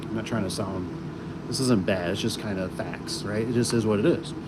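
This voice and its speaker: A man's voice: fairly low pitch, normal speed. Rambling man on a noisy livestream. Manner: rambling, heavy with fillers and restarts. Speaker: garage door installer hosting a livestream. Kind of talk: casual livestream chat. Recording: noisy, with air conditioning and vehicle sounds.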